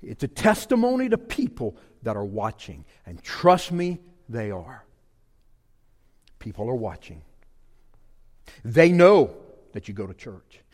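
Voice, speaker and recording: A middle-aged man with a drawl preaches in a folksy storytelling way, his voice leaping up and sinking low across the sermon. The sound carries a long reverb, as from a large sanctuary. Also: measured pace, long pauses. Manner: folksy, animated storytelling with sudden loud bursts. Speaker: pastor.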